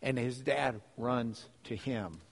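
A man preaching a sermon, telling a story with lively delivery and repeating phrases for emphasis. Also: medium pitch, takes it slowly, vocal fry, slightly rough. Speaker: pastor. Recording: reverberant hall.

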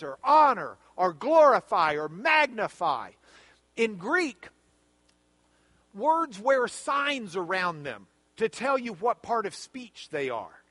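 A man teaching a Bible study lesson, explaining the text with animated, emphatic, repeating phrases. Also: sits high, no echo.

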